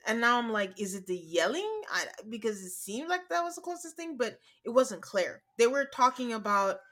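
A woman co-hosting a podcast, chatting casually and retelling scenes by quoting people in a flat, drawn-out voice. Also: medium pitch. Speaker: podcast co-host. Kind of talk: casual recap chat.

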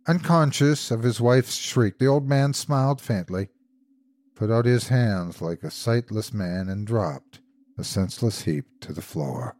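A male host narrating a classic horror tale in a grave, measured manner. His voice sits low and the recording is dry and close. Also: animated, a little mellow, dry recording. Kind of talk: scripted narration.

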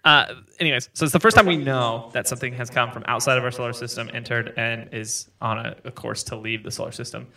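Bright-voiced man explaining casually. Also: mid-range voice, fairly even intonation, fast talker, creaky, hardly any pauses. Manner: explains science loosely, with fillers and laughs. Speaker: podcast co-host. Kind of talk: casual chat.

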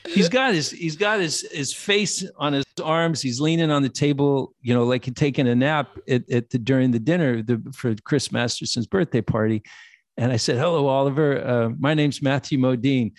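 A man in his sixties, a guest actor telling lively anecdotes in a podcast interview, acting out the voices of people in his story. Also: mid-range voice, normal speed, dry recording, studio quality. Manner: animated anecdote teller, acts out quoted voices.

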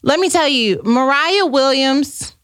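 A middle-aged woman hosts a casual podcast livestream, chatting playfully and reading out viewer comments. Her voice sits a little high. The sound is close and dry, with no room around it. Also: expressive, measured pace, fairly bright tone, no echo. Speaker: podcast host.

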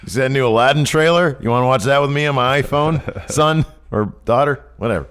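A man co-hosting a casual wrestling podcast, jokey and chatty, dropping into low mumbles. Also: a little fast, a bit bright, smooth. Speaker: podcast co-host.

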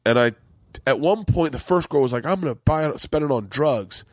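In a fairly quick, animated mid-range voice with no echo, this middle-aged comedian and podcast host wanders through a long story over casual conversation. He curses liberally and performs other people's lines as he goes.

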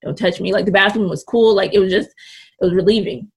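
A woman's voice: medium pitch, steady tone, fast, husky. A young woman in her twenties, a podcast guest, telling a story in casual, candid, blunt talk and swearing freely. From California Bay Area.

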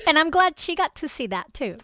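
A woman's voice: sits high, very animated, brisk, bright, forceful tone, dry recording, studio quality. A woman hosting a podcast, chiming in with short supportive comments. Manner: brief affirming interjections. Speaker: podcast host. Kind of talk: supportive interview chat.

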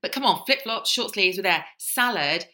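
Middle-aged woman, podcast co-host, lively swooping voice, bright tone. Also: mid-range voice, normal speed. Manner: chatty, animated storytelling. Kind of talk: casual chat.

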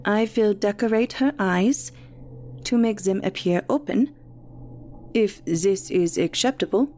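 Woman putting on a German male photographer, German accent, formal, measured, slow, faint background hiss. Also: medium pitch, darkish tone, close to an everyday voice. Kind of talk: audio drama reading.

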